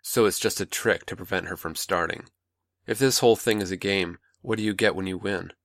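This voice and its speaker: A man's voice: deep voice, fairly even intonation, fairly quick, a bit bright, no room sound. A man playing a bitter, wounded young man who talks resentfully and swears, in a dry close recording.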